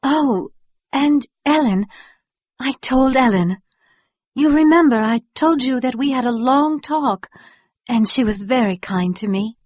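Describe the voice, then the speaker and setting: A woman voicing a gentle, quietly determined young wife in a dry audiobook reading. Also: high-pitched, unhurried, no room sound. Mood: earnest. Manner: soft and gentle.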